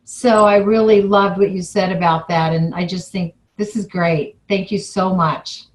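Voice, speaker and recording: A woman's voice: lowish voice, fairly even intonation, measured pace, low-quality recording. Gushing woman hosting a group call. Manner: gushing and effusive. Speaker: call host. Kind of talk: emotional thanks on a group call. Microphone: phone or computer on a conference call.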